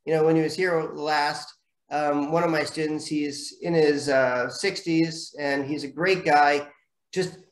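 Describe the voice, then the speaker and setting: A man's voice: a little high, unhurried. Martial arts teacher guy chatting on a podcast, tells stories and does the voices, kinda echoey room. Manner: animated storyteller, acts out quotes. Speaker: martial arts school instructor. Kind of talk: casual podcast conversation.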